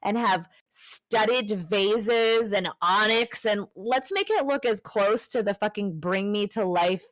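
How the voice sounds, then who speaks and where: A woman in casual book club chat who mocks the story as she retells it. She talks slowly, swears freely and acts out the characters' lines in a sarcastic tone. Her voice sounds dry and close to the mic. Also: mid-range voice, expressive, no echo, low-quality recording. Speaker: podcast co-host.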